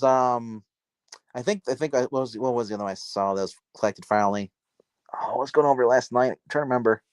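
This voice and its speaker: A man chatting casually on a livestream about comics from his dark home, rambling and restarting his sentences. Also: mid-range voice, clean tone, no echo. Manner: rambling, self-interrupting, filler-heavy. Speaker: comic book livestream host. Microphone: phone.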